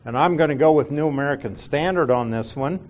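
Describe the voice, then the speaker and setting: A man's voice: on the high side, quick pace, a little mellow. A man teaching a Bible class, patiently explaining grammar, asking rhetorical questions and correcting himself as he goes. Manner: corrects himself mid-sentence.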